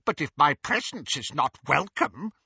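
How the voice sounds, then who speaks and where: A man's voice: a little high, big pitch swings, a little slow, creaky, pushed and bright, slightly rough, dry recording, highs cut off, voice pushed up, exaggerated voice. A man voicing a tall, aloof older wizard who speaks coolly and formally. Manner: cool, formal, faintly affronted.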